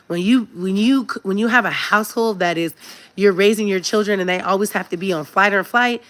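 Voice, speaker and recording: A woman's voice: medium pitch, a little fast, fairly bright tone. A woman in her thirties hosting a casual live stream, talking candidly and earnestly about parenting.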